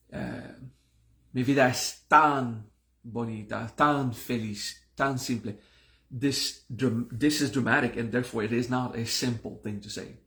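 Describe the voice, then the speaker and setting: A man with a gravelly, creaky voice teaches a spiritual class in an easygoing, conversational way. He circles back over his points and often restarts his sentences mid-thought. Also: medium pitch, a bit bright. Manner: conversational, repeats himself, many restarts. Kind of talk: live-streamed class talk.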